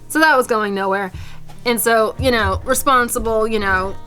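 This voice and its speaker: A woman vlogger telling a comic story to camera in an animated, theatrical, playfully indignant way. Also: a little high, moderate pace, soft background music.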